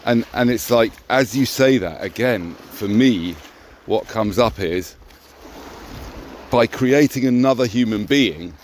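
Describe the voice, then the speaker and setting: A man in a conversation, gently affirming and halting as he reflects. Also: mid-range voice, a little hiss or hum. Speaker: podcast co-host. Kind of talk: supportive conversation.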